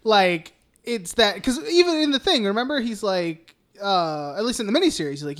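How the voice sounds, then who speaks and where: A man's voice: sits high, lively intonation, normal speed, a bit bright. A man co-hosting a casual film podcast, recapping scenes in a rambling way with lots of swearing and filler words. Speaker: podcast co-host.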